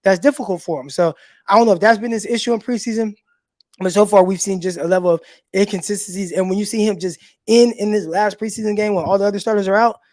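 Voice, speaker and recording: A man's voice: high voice, fast, darkish tone, no echo. A man hosting a live sports call-in show, talking loosely with fillers and casual swearing. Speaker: sports podcast host.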